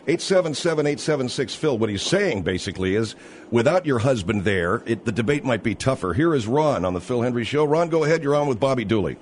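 A man's voice: medium pitch, animated. Male call-in radio host, wry and in charge, faint hiss. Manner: brisk, wry, takes charge. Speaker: radio talk show host.

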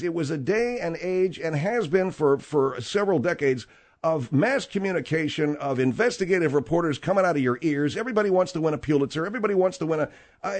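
A man's voice: fairly high pitch, darkish tone. A man hosting a talk radio show, delivering a combative, rambling and sarcastic monologue.

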